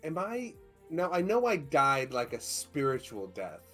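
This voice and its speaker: A man's voice: a little high, huge pitch swings, a little slow, fairly bright tone, faint music behind. A man playing in a tabletop game, talking hesitantly with many fillers as he describes his actions. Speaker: player. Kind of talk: tabletop role-play chat.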